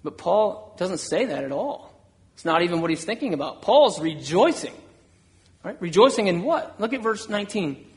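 A man's voice: high voice, expressive, moderate pace. A man preaching a sermon, earnest, voicing an apostle's words with rising intensity. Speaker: pastor.

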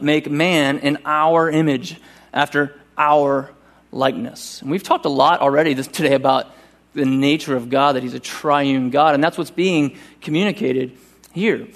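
A male pastor preaching a sermon at a church service with earnest urgency, slowing down to read scripture deliberately. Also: on the high side, creaky.

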